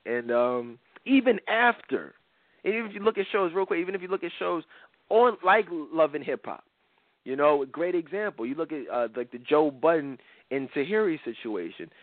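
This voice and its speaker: Man, talk host, blunt, rambling, somewhat high voice, tinny phone-like sound. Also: expressive, normal speed, dry recording. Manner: blunt, rambling, repeats words, laughs often. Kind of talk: opinionated casual commentary.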